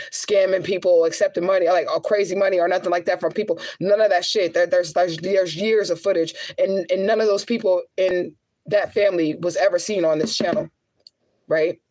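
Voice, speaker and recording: A woman's voice: on the low side, fairly even intonation, moderate pace, mellow, rough recording. A middle-aged woman and spiritual medium, talking straight to her viewers in a raw, rambling, profane vlog monologue. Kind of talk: emotional direct-to-camera monologue.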